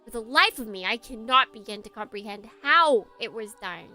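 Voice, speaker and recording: Woman streamer, bright and higher-pitched, giggly, slips into hushed dramatic narration, faint music under her voice. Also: lively intonation, normal speed. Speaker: streamer reading a visual novel aloud. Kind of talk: let's play commentary and dramatic reading.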